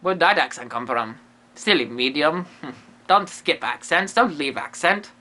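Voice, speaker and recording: A guy doing a quirky lonely ghost medium, rambly broken english, bright, bouncy pitch, comedy bit. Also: expressive, unhurried. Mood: goofy. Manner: broken English that drops articles, rambling asides. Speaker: comedy vlogger in character. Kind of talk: comedy character monologue.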